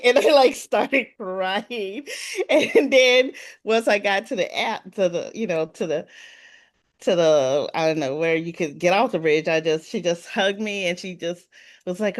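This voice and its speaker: A woman speaking on a panel at an event, telling a personal story in a chatty, animated way and acting out what people said. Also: fairly low pitch, measured pace. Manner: chatty, animated retelling with quoted voices. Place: event room with an audience.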